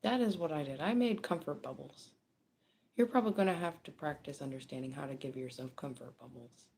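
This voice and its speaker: A woman giving a casual tarot reading, chatty and animated, with frequent laughter and swearing. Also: sits low, a little fast, vocal fry, slight background noise. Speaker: tarot reader. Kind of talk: casual spoken card reading.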